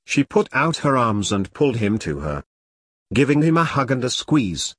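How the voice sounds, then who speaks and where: A man reading a story aloud in a flat, machine-like way, speaking the punctuation marks as words. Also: mid-range voice, moderate pace, breathy edge, dry recording, clean studio sound. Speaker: reader. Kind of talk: machine-read story narration.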